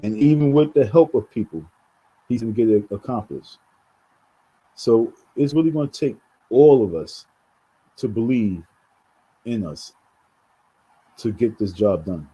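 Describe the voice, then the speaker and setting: A man's voice: fairly low pitch, animated, unhurried, pauses often, mellow, husky, low-quality recording. A man from New York talking straight to his viewers in a rambling commentary, often repeating words and calling them folks. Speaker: vlogger. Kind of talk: casual commentary monologue.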